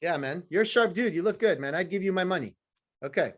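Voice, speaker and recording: A motivational speaker fires up a sales team with a blunt, profane talk full of punchy repeated phrases and teasing jabs at the audience. His voice sits high, and he talks fast and animatedly.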